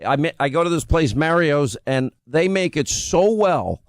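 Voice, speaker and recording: Brash New York radio host. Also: male voice, on the high side, lively intonation, no echo. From Long Island, New York. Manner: brash, bantering, quick to interrupt. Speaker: radio talk show host. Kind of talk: casual radio banter.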